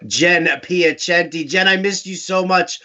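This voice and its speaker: A man's voice: sits high, a little slow, bright, forceful tone. Chatty sports stream host, man. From New York. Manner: chatty, joking, restarts often. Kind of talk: casual sports chat. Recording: dull lo-fi live stream audio.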